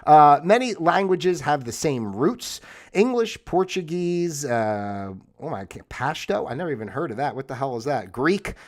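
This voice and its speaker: A man's voice: fairly high pitch, very animated, moderate pace. A man from the United States hosting a livestream, reading fun facts aloud and rambling off into commentary, often stopping and restarting mid-sentence. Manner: rambling, self-interrupting, stumbles over small words. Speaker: livestream host.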